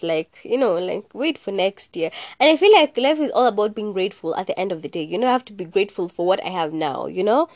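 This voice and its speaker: A woman's voice: mid-range voice, a little mellow, no echo. Young woman rambling on her podcast, giggly, lots of "like", dry close mic. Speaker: podcast host. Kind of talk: casual solo chat.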